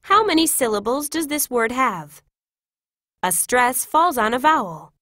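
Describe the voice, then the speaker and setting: A woman reading classroom English phrases one by one in a clear, measured teaching voice. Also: high-pitched, sing-song, bright, forceful tone, dry recording, studio quality. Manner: clear, measured, each phrase read separately. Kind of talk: scripted read-aloud of classroom phrases.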